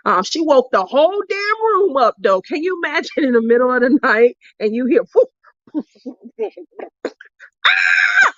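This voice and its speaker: Giggly high-voiced woman, dull dry audio. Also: sing-song, a little fast, few pauses, dry recording. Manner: giggly, laughs often between sentences. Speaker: crafting vlogger giving awards. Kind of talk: casual storytelling.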